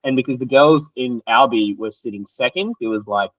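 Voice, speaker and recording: A young Australian man, an athlete guest, telling race stories in an animated, slangy way and acting out what others said. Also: mid-range voice, fairly quick, no room sound. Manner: animated, acts out quotes, loose and slangy. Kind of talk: casual storytelling interview. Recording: dry, slightly dull podcast audio.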